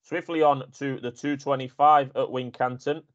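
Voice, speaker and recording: Brisk racing-show host. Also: male voice, mid-range voice, fairly even intonation, lo-fi sound. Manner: brisk, steering, teasing. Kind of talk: casual racing chat.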